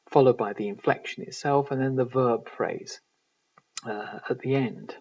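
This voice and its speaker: A man giving a recorded university lecture in linguistics, measured and explanatory, often pausing to find his words. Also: mid-range voice, vocal fry, a little mellow, breathy edge. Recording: distant, dull lo-fi recording.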